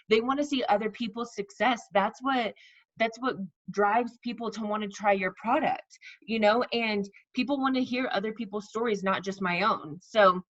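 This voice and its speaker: Woman, casual team coaching talk, chatty, repeats points, lo-fi muffled audio. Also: medium pitch. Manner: chatty, repeats herself, acts out sample messages. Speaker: network marketing team leader.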